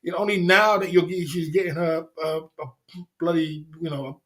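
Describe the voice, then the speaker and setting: A man's voice: on the high side, fairly quick, a bit bright. Laughing man on a livestream. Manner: laughing often, drawling slang-heavy chat. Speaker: livestream host. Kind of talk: casual livestream chat.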